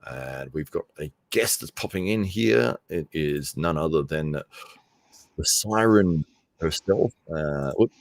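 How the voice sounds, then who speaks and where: An Australian man hosts a livestream in easygoing chat, laughing often and slipping into voices for his stories. His voice sits very low. The recording is dry, with no room sound. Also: animated, takes it slowly, vocal fry, no echo. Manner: chatty, laughs often, acts out voices in anecdotes. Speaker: livestream host. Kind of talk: casual chat.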